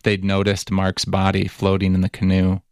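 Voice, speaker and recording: Man, very low voice, flat intonation, gravelly, dry close sound, measured documentary narration. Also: dry recording. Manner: measured, even storytelling. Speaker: reporter and narrator.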